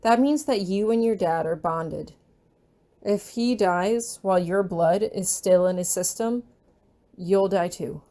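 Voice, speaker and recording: A woman reading her fan fiction aloud in a gentle, unhurried storytelling manner. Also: mid-range voice.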